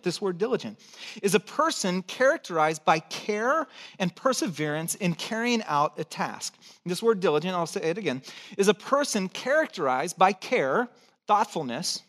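A man's voice: high-pitched, a bit bright. A middle-aged male pastor preaching a sermon, emphatic and conversational, repeating his key phrases. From born in Texas, raised in California.

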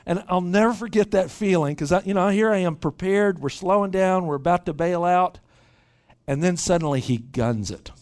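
A man preaching at a retreat, telling a lively story and often repeating words as he starts sentences. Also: high-pitched, moderate pace. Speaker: pastor. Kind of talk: sermon with storytelling.

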